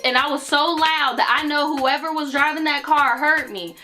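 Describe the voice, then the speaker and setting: A young woman vlogger telling an animated, profane story, filling her talk with "like.". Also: high-pitched, moderate pace, faint music behind. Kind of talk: storytime vlog.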